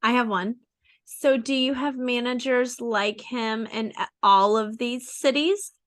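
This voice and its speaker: A woman's voice: on the high side, measured pace. A woman co-host of a podcast asking casual, curious follow-up questions.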